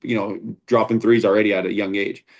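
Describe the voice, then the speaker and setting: A man with a fairly low voice talks as a guest in a relaxed interview. He tells his stories earnestly and at length, often restarting his sentences. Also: a little fast. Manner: earnest, rambling with frequent restarts. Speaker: founder and combat sports instructor, guest. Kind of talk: casual interview storytelling.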